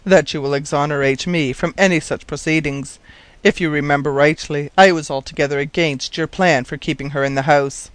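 A man's voice: on the high side, fairly even intonation, smooth, no echo, close to an everyday voice. A man doing a mild, sedate old professor. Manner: gentle and measured.

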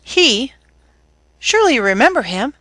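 A woman putting on a sweet, spirited young sister in a storybook, soft-spoken and lightly playful. Her voice lifts above the narration, high and bright, with a dry, close sound. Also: sing-song, normal speed, no echo, exaggerated voice.

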